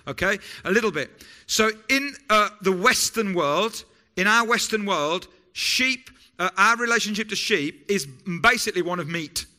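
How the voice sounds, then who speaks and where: A man preaching in a loose, conversational way, often tripping over his words and tossing in small jokes. His voice sits high for a man and sounds very bright and sharp. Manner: chatty, self-interrupting, jokey asides. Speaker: pastor. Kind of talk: sermon.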